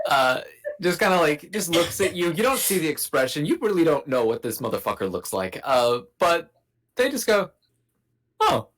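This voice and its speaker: A man's voice: on the high side, very animated, normal speed, fairly bright tone. A man narrating as game master in a tabletop game, loose and hesitant, with many fillers.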